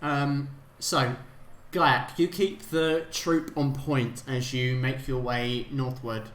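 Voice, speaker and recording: A man narrating a tabletop game as game master, halting and full of fillers. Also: mid-range voice, fairly even intonation, a bit bright, roomy sound. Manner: halting, many fillers and restarts.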